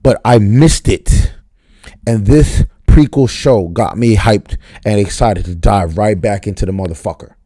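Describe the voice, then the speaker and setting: A man giving an unscripted, profane, slang-heavy recap of a TV episode, talking fast and getting worked up. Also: lowish voice, dark tone, dry recording. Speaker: TV show reviewer.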